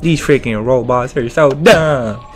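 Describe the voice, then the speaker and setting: A young man doing let's-play commentary, excitable and slangy, yelling orders and trash-talking game characters. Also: mid-range voice, measured pace, over music. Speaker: gaming streamer.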